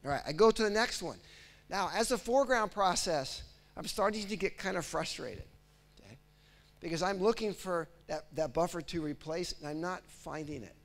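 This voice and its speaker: A man's voice: high-pitched, moderate pace. A man giving a conference talk. He acts out a computer process in first person and keeps checking in with the audience with "right?" and "okay?". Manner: lively, speaks as if he were the process, often checks in with "right?" and "okay?". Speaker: technical presenter. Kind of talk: conference lecture.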